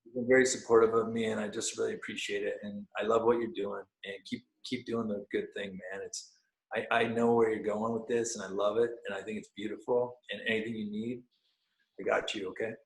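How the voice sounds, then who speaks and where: A man guest on a podcast, telling a personal story with animated energy and frequent laughs, dropping to hushed tones for quoted lines. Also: lowish voice, brisk, creaky. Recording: roomy echo.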